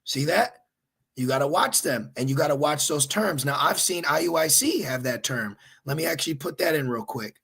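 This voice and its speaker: Man, gravelly and husky, a religious teacher who gets animated and keeps checking in with his listeners. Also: fairly high pitch, moderate pace. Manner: animated, exhorting, repeats "okay?". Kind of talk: informal teaching while searching online.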